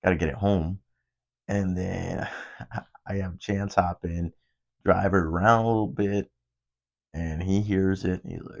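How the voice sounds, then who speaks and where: A man's voice: low voice, takes it slowly, vocal fry, pauses often, fairly bright tone. A young man hosting a podcast, telling a rambling, profane story in a casual monologue. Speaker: podcast host.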